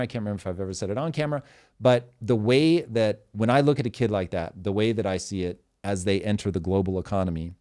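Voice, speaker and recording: Low-voiced guy hosting, emphatic and sweary, casual chat. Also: clear, resonant tone. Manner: emphatic, profane, animated storytelling. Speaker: podcast host.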